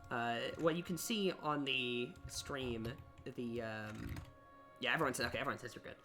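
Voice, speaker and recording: A man's voice: medium pitch, moderate pace, bright, forceful tone. A young man, a university student, chatting casually on a live stream while he works, muttering at his own progress in a self-deprecating way. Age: young adult. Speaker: streamer and level designer. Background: music and keyboard typing.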